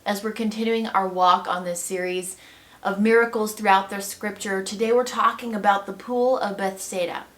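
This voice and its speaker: A woman's voice: mid-range voice, fairly even intonation, normal speed, a bit bright. A woman giving a devotional Bible teaching in an earnest, reflective manner.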